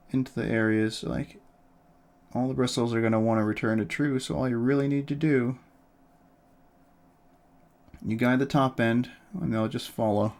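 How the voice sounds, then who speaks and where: A man streaming a relaxed miniature painting tutorial, coaching in a soft, calm tone. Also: mid-range voice.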